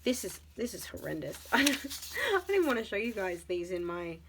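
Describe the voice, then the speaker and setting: Young woman, chatty rambling vlog talk, mid pitch, noisy recording. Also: animated, fairly quick. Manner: rambling, incredulous, laughing asides. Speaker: vlogger. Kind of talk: casual chat to camera.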